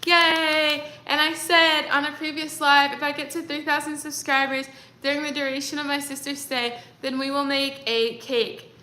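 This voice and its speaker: Bright, high-voiced young woman chatting. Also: little pitch movement, moderate pace, slight background noise. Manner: rambling, chatty, many fillers. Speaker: livestreaming creator. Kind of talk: casual livestream chat. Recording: echoey room.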